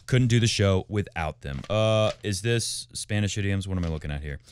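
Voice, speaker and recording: A tennis coach who hosts a tennis podcast offers casual commentary in a deep, smooth voice with lively intonation at normal speed. He's chatty and rambling, hopping from one tangent to the next.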